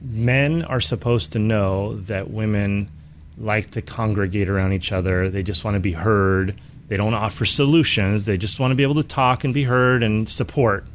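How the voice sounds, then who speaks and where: A man's voice: lowish voice, normal speed, a little hiss or hum. A man hosting a talk show, asking questions in a candid, self-deprecating, conversational way. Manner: candid, self-deprecating, animated when acting out frustration. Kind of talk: conversational interview.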